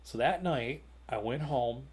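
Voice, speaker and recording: A man's voice: medium pitch, a little slow, a little mellow, husky. A man telling a long, rambling anecdote on a gaming talk show, full of fillers and restarts, recorded at home in his hobby room.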